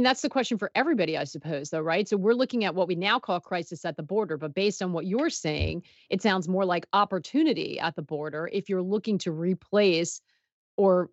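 Low-voiced woman hosting an interview. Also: moderate pace, dry recording, highs cut off. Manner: conversational, reads viewer questions aloud. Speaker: interview host. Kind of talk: interview questions.

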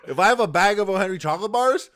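A man co-hosting a casual podcast chat, animated and often laughing, swearing freely and acting out little scenes. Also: sits high, racing, slight background noise. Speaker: podcast co-host.

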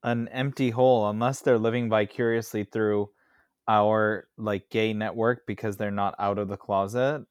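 A man's voice: on the low side, level tone, moderate pace, smooth, no echo. A man co-hosting a casual podcast, musing with hesitant fillers. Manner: laughs along, musing and hesitant. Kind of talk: casual chat.

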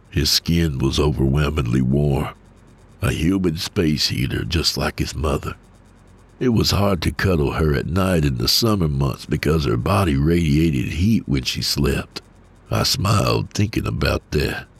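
Very deep, husky male horror narrator. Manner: steady, measured storytelling. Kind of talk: scripted first-person horror narration.

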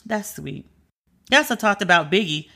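Bright-voiced host chatting through celeb news, reacting out loud as they go. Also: medium pitch, normal speed. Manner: chatty and expressive, reacting aloud while reading the news. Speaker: entertainment news commentator. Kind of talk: casual celebrity news commentary.

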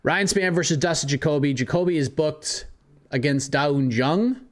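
A man co-hosting a casual sports talk show, reading through listener picks and adding quick comments. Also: on the high side. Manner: reads lists of matchups, chuckles often. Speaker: podcast co-host.

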